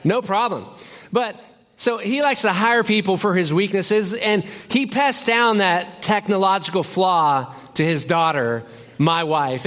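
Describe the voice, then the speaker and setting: A young man preaching a sermon as pastor in a church, telling stories in an animated way and acting out both sides. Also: high-pitched. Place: church sanctuary.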